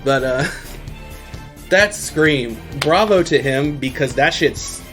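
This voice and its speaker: A man's voice: mid-range voice, animated, takes it slowly, fairly bright tone, faint music behind. A young man hosting a podcast, casually recapping an anime episode in a rambling, profane way and laughing often. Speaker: podcast host.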